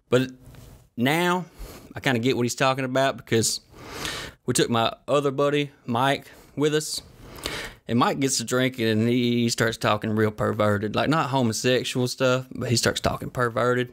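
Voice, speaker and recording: A man's voice: medium pitch, steady tone, moderate pace, fairly bright tone. A man hosting his own podcast, telling rambling, profane anecdotes with joking asides while sweaty and flushed. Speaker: podcast host. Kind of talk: casual solo storytelling.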